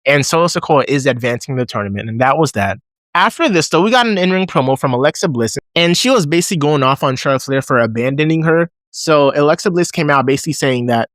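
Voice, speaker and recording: A man talks through a wrestling show in a loose, casual recap, pitched a bit high for a man. He gets animated and acts out his own reactions in a raised voice. The sound is close and dry, with no room around it. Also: quick pace, dry recording.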